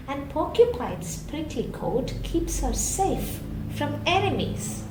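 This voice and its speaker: A woman's voice: sits high, sing-song, takes it slowly, reverberant, noisy background. A woman reading a children's story aloud as storyteller, with chatty asides to her listeners.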